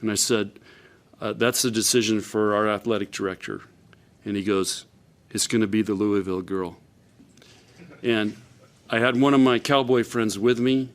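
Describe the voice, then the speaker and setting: A man's voice: lowish voice, fairly even intonation, normal speed. A man, a volleyball coach, telling a folksy anecdote at a press conference.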